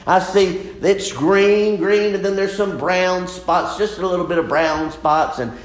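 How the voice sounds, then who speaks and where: A man preaching a sermon, lively and full of laughter, with sudden exclamations. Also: sits high, unhurried, echoey room. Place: church.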